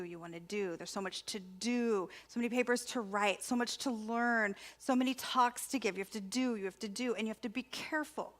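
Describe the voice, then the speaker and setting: A woman quoting a gently warning professor. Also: medium pitch, natural voice. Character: kindly male professor giving gentle warnings.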